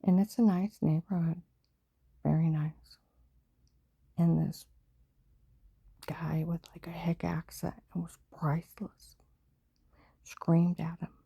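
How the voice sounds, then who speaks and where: A woman vlogging in a rambling personal monologue, mostly in an unvoiced whisper with sudden louder outbursts, telling her story in urgent run-on bursts. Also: lowish voice, little pitch movement, slow, vocal fry, pauses often, slightly rough, dry recording.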